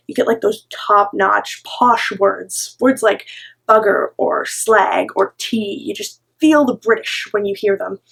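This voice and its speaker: A young woman from Ontario delivers a self-taped comic monologue in a chatty, deadpan way. Her voice has a noticeable gravelly fry to it. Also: mid-range voice. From Ontario, Canada. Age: 20s. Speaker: monologue performer.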